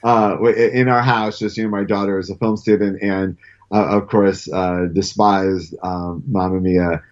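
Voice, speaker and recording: A man's voice: sits low, little pitch movement, measured pace. A middle-aged man in casual chat as a guest, telling stories animatedly and often stammering and restarting his sentences. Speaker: comic book writer guest. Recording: dull lo-fi sound.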